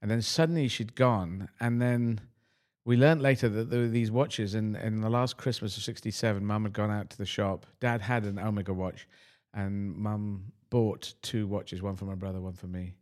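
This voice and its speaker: Middle-aged man, UK-raised guest, lowish voice, rambling and self-deprecating, casual interview. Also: steady tone, normal speed, darkish tone. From United Kingdom.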